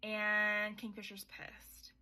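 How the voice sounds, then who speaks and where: A woman's voice: mid-range voice, completely flat delivery, takes it slowly, bright, forceful tone, clear, resonant tone. A young woman hosting a podcast, recapping a book in a chatty, sweary way with sarcastic asides. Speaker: podcast host.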